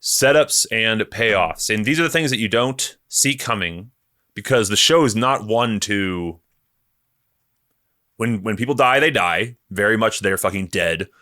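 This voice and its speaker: A man hosting a comedy podcast, gushing in an excited, profane, rambling way. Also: on the low side, unhurried, no room sound, clean studio sound. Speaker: podcast host. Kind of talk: casual comedic chat.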